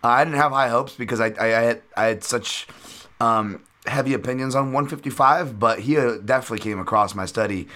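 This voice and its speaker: Joking, bright-voiced podcast host. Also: male voice, medium pitch, brisk. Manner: jokey, loose, swears casually. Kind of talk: casual podcast chat.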